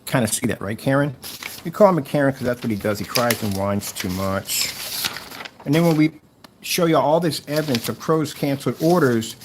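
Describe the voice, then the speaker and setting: A YouTuber with a medium-pitched voice mocks a competing seller at a moderate pace, and background noise runs throughout. His rant is taunting and repetitive.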